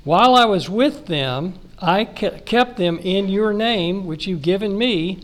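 High-voiced man preaching a sermon. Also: lively intonation, a little slow. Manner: reads scripture aloud and explains it conversationally. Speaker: pastor.

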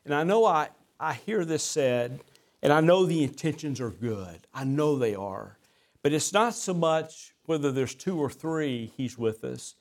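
Pastor preaching with folksy storytelling. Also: male voice, a little high, animated, measured pace. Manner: conversational storytelling mixed with emphatic scripture reading; folksy, self-deprecating humor. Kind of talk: sermon.

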